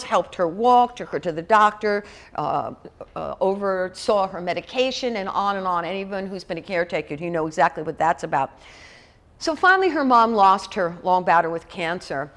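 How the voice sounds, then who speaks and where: A woman's voice: medium pitch, a bit bright. A woman minister telling a story in a conversational sermon, with lots of "you know". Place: church sanctuary.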